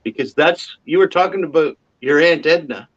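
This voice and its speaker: A man's voice: fairly high pitch, moderate pace, breathy edge, muffled recording. A man with a Canadian accent chatting casually as host of a livestream, a rambling storyteller who chuckles often.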